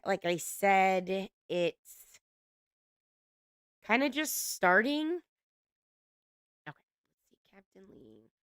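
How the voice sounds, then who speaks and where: Slow-talking chatty woman host. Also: mid-range voice, animated, fairly bright tone, clear, resonant tone, dry recording, clean studio sound. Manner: chatty, laughs often, swears casually. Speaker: reality TV recap host. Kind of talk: casual recap chat.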